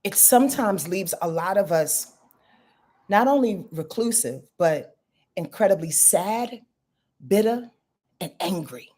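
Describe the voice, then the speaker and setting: A woman's voice: medium pitch, animated, measured pace, pauses often, mellow. A middle-aged woman astrologer talking frankly in a casual confessional vlog, rambling and swearing freely.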